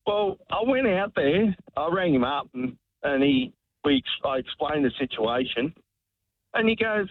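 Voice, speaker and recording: Australian man, radio caller, phone-line sound, higher pitch, dry, rambling. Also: expressive, moderate pace, dry recording. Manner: rambling, repeats words, heartfelt. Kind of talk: emotional talkback call. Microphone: telephone.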